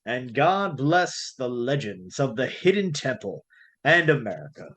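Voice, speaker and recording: A man hosting a casual podcast, pitching and signing off in a hyped, promo-like way. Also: sing-song, measured pace, fairly bright tone, slight background noise. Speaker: podcast host.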